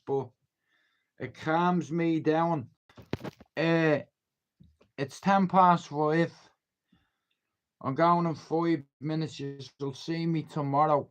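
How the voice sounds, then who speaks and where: Streamer in his fifties, slow-talking and profane, fairly high voice, keeps checking the viewer follows. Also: lo-fi sound. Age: 50s. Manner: swears freely, keeps asking if you understand. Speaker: livestreamer. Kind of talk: casual rambling chat to viewers.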